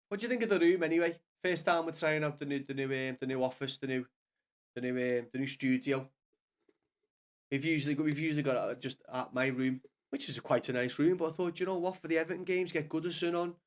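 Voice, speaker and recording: A man with a Scouse accent talks his viewers through a football match as it happens, swearing and venting his frustration as he rambles on. His voice sits fairly high for a man. He is recorded in a small home studio room. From Liverpool, England. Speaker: streamer watching a match live. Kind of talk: live watch-along commentary.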